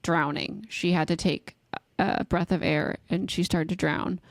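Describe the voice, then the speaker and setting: A woman's voice: on the low side, moderate pace, no room sound. A woman podcast co-host in casual chat, recapping a novel's chapter with frequent laughs and acted-out quotes. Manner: animated storyteller, laughs often, acts out quotes.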